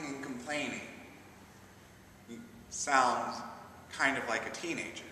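A man's voice: medium pitch, steady tone, takes it slowly, pushed and bright, slight background noise. A man, an assistant pastor, giving a sermon and telling a story in a chatty, humorous way. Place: large church. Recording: echoey church from a distant mic.

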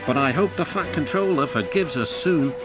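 A man's voice: on the high side, expressive, moderate pace, close to an everyday voice. A man voicing a cheeky small young male tank engine, eager and chirpy. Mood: hopeful. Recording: music clearly behind.

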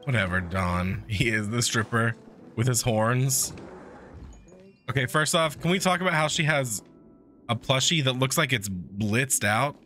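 Bright-voiced joking male game streamer. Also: mid-range voice, animated, unhurried, faint music behind. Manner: sarcastic, swearing, joking reactions. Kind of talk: casual gameplay commentary.

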